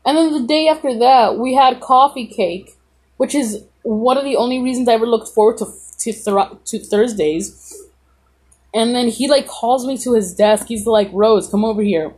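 A woman's voice: fairly high pitch, normal speed, a little mellow, slightly rough. A young woman telling a story in a casual, rambling and sarcastic way, full of fillers. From Mexican family. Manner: rambling, sarcastic, frequent "like" and "bro".

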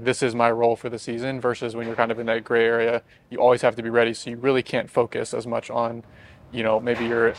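Fast-talking young man hosting a podcast. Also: medium pitch, vocal fry. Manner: quick, conversational, leads the questions. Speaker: podcast host. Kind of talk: casual podcast discussion.

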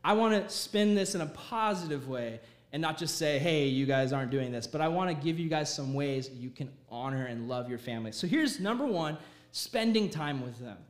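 A young man giving a youth sermon as a pastor, telling stories and acting out voices with animated energy. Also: fairly high pitch, normal speed, reverberant. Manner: animated storytelling, acts out voices.

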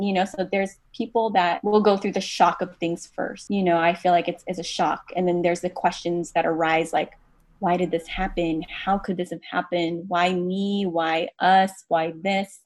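A woman in her thirties in casual conversation, telling stories in a chatty, animated way and acting out quotes. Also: lowish voice.

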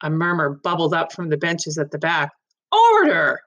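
A woman's voice: low-pitched, little pitch movement, brisk, pushed and bright. A woman reading a novel aloud as a storyteller, greeting listeners and narrating expressively.

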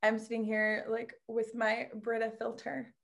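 A woman who owns a pole dance studio, chatting casually and telling stories with lively quoted voices. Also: on the high side, a little slow, creaky. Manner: animated storyteller, quotes people with lively voices. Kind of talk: casual chat.

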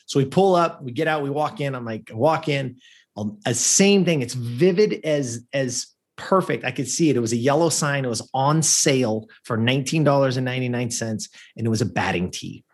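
Fifty-something guy from california, husky voice, earnest storyteller, lots of "right?" and restarts. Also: mid-range voice, expressive, normal speed. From Lancaster, California. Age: 50s. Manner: earnest, keeps asking "right?", restarts phrases. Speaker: podcast guest. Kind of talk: conversational storytelling.

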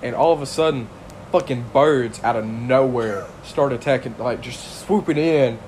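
A man's voice: mid-range voice, moderate pace, darkish tone, slight background noise. A man telling a wild story bluntly in casual podcast chat. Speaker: podcast co-host.

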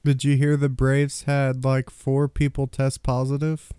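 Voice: medium pitch, monotone, measured pace, mellow, clean tone, dry recording. A podcast co-host in casual chat, making dry, wry remarks.

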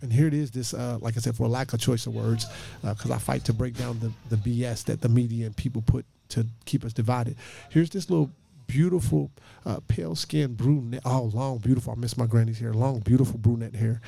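A man in his late thirties, a pastor, telling a lively personal story with jokes and acted-out quotes. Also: mid-range voice, fairly quick, creaky. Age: late 30s. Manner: lively, joking, acts out quoted voices.

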